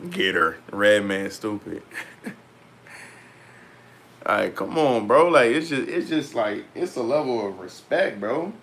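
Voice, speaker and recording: A young man vlogging in a casual, animated rant to his viewers, full of slang and repeated asides. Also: mid-range voice. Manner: animated, heavy slang, repeats "bro" and "petty". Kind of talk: casual storytelling rant to camera.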